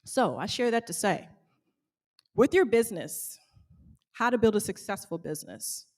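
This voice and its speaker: A woman who owns a small bakery gives a motivational talk to a live audience, animated and calling out questions to the crowd. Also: medium pitch, moderate pace. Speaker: small bakery owner speaking to fellow business owners.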